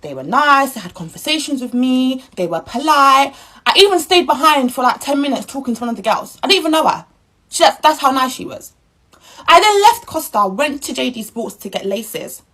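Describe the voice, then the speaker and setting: Husky blunt young woman. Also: high voice, brisk, rough recording. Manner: blunt, indignant, animated storytelling. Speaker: vlogger. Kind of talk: casual vlog rant.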